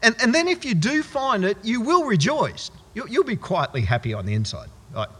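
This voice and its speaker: A wry man preaching in a casual, joking way, his voice husky and swooping high and low. The sound rings on in a long hall echo. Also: big pitch swings, moderate pace, bright, forceful tone. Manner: conversational, wry, exaggerated asides. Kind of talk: sermon.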